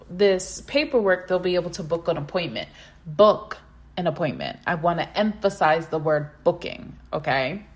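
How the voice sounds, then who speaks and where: A woman hosting a solo business podcast, giving advice in an emphatic way, repeating phrases for stress and asking rhetorical questions. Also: medium pitch. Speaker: podcast host, practice consultant.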